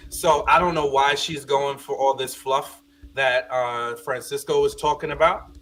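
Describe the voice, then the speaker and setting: A man's voice: medium pitch, fairly even intonation, a little slow, a bit bright. Thoughtful man questioning on a panel. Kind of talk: casual panel chat.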